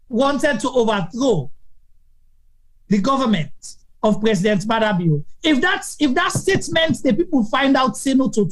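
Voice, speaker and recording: A woman with a Sierra Leonean accent co-hosting a live talk show, giving animated political commentary. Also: high voice, poor audio.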